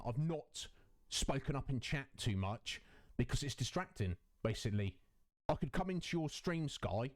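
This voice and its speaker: A man streamer in casual chat, effusive and chatty, warmly greeting viewers by name. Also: medium pitch.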